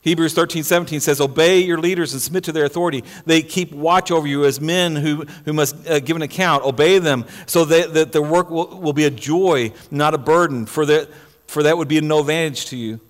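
A man's voice: fairly high pitch, fairly quick, in a large hall. A male pastor preaching a sermon in a church, emphatic, often repeating words and restarting phrases. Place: church sanctuary.

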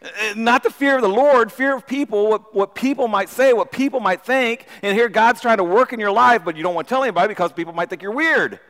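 Guy giving an animated sermon, fairly high voice, long hall echo. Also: fast talker, few pauses. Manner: animated, acts out voices of people in the story; repeats words when starting sentences. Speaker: pastor.

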